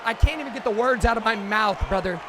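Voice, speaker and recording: A man with a high voice calls his own game plays with excited, shouting energy, like a streamer reacting live. Loud stadium crowd and game noise from the video game fill the background behind him. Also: fast. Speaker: gaming streamer. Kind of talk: excited gameplay commentary.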